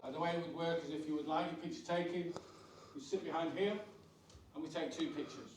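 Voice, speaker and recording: A male tour guide explains in a clear, orderly way, his voice a little high. He is caught from far off in a very echoey room. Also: steady tone, fast talker, a little hiss or hum.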